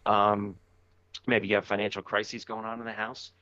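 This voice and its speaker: A man co-hosting a podcast, giving earnest advice in a casual, halting way. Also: lowish voice, level tone, sharp tone, no room sound. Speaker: podcast co-host. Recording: dull, dry remote audio.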